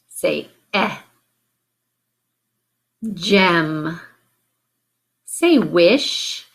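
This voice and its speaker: A woman teacher running a phonics drill, giving patient, clearly stretched-out word prompts. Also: fairly low pitch, animated, drawn-out words, long pauses. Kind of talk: slow, deliberate classroom drill.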